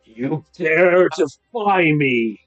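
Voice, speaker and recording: A man voicing a wrathful, commanding vampire lord who delivers drawn-out, booming threats in a tabletop game. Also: animated, fairly bright tone, dry recording, highs cut off, soft background music, heavily acted. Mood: furious, commanding.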